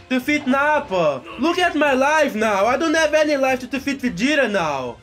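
A man doing let's play commentary, frustrated and swearing often, with loud outbursts. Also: very high voice, very animated, normal speed, hardly any pauses. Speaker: gaming video creator. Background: game music.

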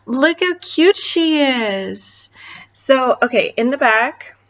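Excitable woman craft vlogger, talks slow, kinda high, dull lo-fi sound. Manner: gushing, excitable, chatty with many fillers. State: voice cracking. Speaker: craft channel host. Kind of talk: casual unboxing chat.

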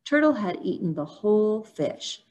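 A woman reading a children's picture book aloud for storytime, in a steady storytelling manner. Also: mid-range voice, moderate pace. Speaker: storytime reader.

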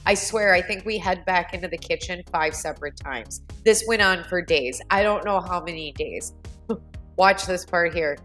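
A woman's voice: lowish voice, normal speed, fairly bright tone. A woman narrating a voice-over for her own cleaning video, chatty and amused, talking straight to her viewers. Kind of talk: casual voice-over commentary. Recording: voice-over with faint music.

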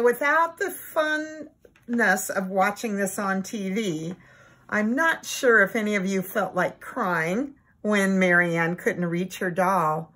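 A woman gently reading a children's book aloud in an expressive bedtime manner. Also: mid-range voice. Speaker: storybook reader.

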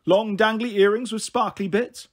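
A man's voice: high-pitched, steady tone, moderate pace, voice pushed up. A man putting on a bubbly young mum. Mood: teasing. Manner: bubbly, teasing.

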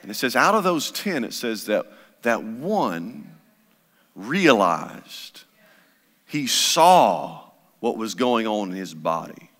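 A man's voice: on the low side, sing-song, takes it slowly, a bit bright. A man preaching a sermon as pastor, impassioned and repetitive in his delivery. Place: church sanctuary. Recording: long church hall reverb.

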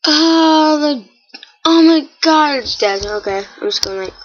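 A woman giving casual, chatty commentary while playing a game, with excitable, startled exclamations. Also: high-pitched, measured pace, dull audio. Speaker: gamer.

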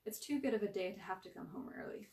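A woman's voice: medium pitch, quick pace, a little mellow, reverberant, distant mic, close to an everyday voice. A woman voicing a resourceful, matter-of-fact preteen girl.

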